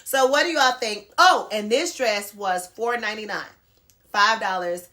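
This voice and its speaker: A woman's voice: mid-range voice, a little slow, pushed and bright. A middle-aged woman chatting casually through a clothing try-on haul, calling her viewers girl and y'all. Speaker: fashion vlogger. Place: home bedroom near a closet.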